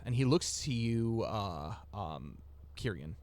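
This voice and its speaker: A man as game master, narrating a tabletop game and explaining the rules in a halting, thinking-aloud way. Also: lowish voice, animated, a little mellow.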